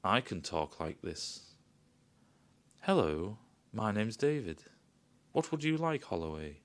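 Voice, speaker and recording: A lifeless male android speaks in a low, flat monotone with no inflection at all, as a man puts him on. Every word comes out even and quiet, like a machine reading its lines. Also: slow. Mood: deadpan.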